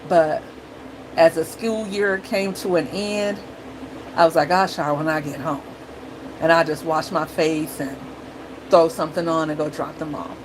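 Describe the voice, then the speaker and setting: Chatty, blunt middle-aged mom vlogger. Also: female voice, low voice, unhurried, background noise. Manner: chatty, blunt and animated, acting out her kids and herself. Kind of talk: casual chat to viewers.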